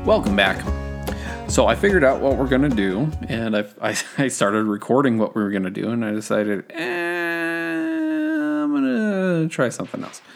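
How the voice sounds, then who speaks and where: A man's voice: on the low side, fairly quick, soft background music. A young man hosting a casual study-tips podcast, rambling and self-deprecating, full of fillers and restarts. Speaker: podcast host.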